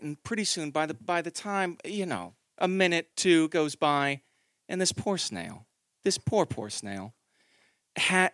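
A man in his thirties performing a stand-up comedy set, telling a story with animated delivery and acted-out quotes. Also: high-pitched, no echo, studio quality.

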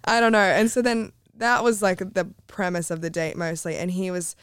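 A woman's voice: lowish voice, normal speed, clean tone, dry recording, clean studio sound. Young woman telling stories. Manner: animated storytelling, swearing, laughing. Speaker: guest. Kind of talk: casual podcast chat.

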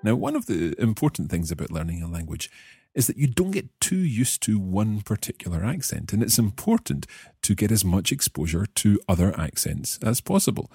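A man's voice: lowish voice, sing-song, normal speed, mellow, slightly rough, dry recording, clean studio sound, faint music behind. A Scottish man hosting a language-learning podcast, explaining patiently and encouraging his listeners. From Scotland. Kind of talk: friendly explanatory teaching.

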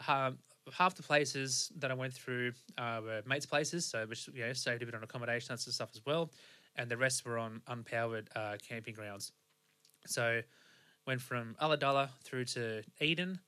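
A man's voice: medium pitch, moderate pace, pushed and bright, clean tone. A young Australian man hosting a podcast, telling a road trip story in a rambling, casual way with lots of fillers and restarts. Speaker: podcast host.

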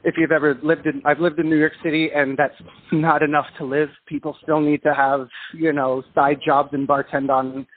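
A man from England, a singer and dancer, telling a story over the phone in an animated, self-deprecating way with frequent restarts. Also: on the high side, moderate pace. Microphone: telephone. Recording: tinny phone line.

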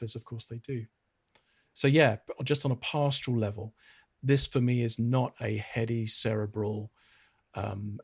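Earnest British man, husky low voice. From Britain. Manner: earnest, reflective, with frequent restarts. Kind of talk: interview answer on theology.

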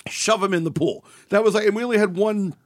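A man's voice: high-pitched, fast, no echo, studio quality. A man casually telling rambling, crude, self-deprecating stories as a guest. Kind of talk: casual storytelling.

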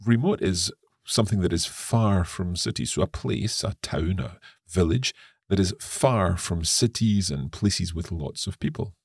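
This is a Scottish man with a very low voice, teaching vocabulary on a language podcast. His pitch moves a lot, and his tone is husky and close to the mic in a dry space. He explains things clearly and patiently. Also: animated, unhurried, dry recording. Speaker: co-host and English teacher.

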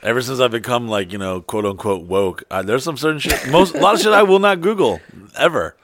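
A man co-hosting a casual podcast, telling loose stories with lots of swearing and putting on loud, high voices for the people he quotes. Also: brisk, no echo, clean studio sound. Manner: frequent swearing. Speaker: podcast co-host.

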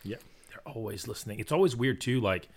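A man's voice: lowish voice, fast, slightly rough. A man who is a parent, chatting casually as a podcast co-host and acting out quotes in his stories. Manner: animated, acts out quotes. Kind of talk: casual chat.

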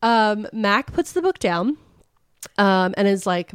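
A woman hosting a podcast, retelling a novel in a casual, chatty way, full of fillers and quick laughs. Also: medium pitch, animated, clear, resonant tone, no room sound, clean studio sound. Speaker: podcast host. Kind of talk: casual book recap chat.

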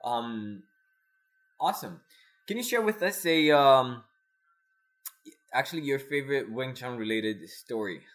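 A man hosting a casual interview, asking relaxed questions and adding brief responses. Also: medium pitch, unhurried, pauses often.

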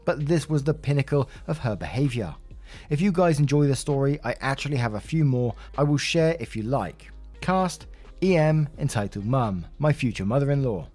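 Give me a man narrating online stories in a relaxed way with wry comments, faint music under him. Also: medium pitch, normal speed. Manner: casual, wry asides between readings. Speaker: story narrator. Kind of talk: reading online posts aloud with casual comments.

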